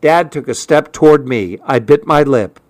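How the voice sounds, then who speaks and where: A man reading a first-person story aloud, unhurried and even. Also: a little high, dry recording. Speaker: narrator.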